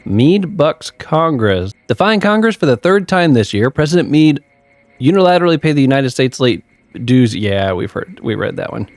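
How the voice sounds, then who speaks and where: A man's voice: medium pitch, very animated, normal speed, dry recording. A man hosting a gaming channel, giving chatty, upbeat let's-play commentary. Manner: upbeat, chatty, laughs often.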